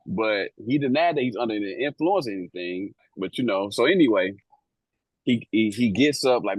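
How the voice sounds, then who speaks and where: A man's voice: fairly low pitch, expressive, moderate pace, dry recording, poor audio. A man co-hosting a talk show, casually telling a story from his job as an airport officer in a slangy, profane way, acting out the people in it. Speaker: airport police officer and co-host.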